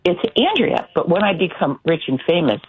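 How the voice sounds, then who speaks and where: Lady calling in, chatty and animated, phone line sound, bit of hiss. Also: on the low side, a little fast. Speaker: caller. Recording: phone line with faint noise.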